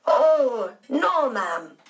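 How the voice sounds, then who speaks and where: A woman's voice: on the high side, lively intonation, normal speed, fairly bright tone, recorded from a distance, rough recording. A woman playing a polite, urgent ship steward. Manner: courteous, urgent.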